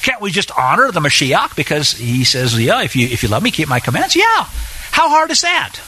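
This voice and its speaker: Guy preaching a sermon, high bright voice, really animated and emphatic, bit of hiss. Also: moderate pace, rough recording. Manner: animated, emphatic, sarcastic asides.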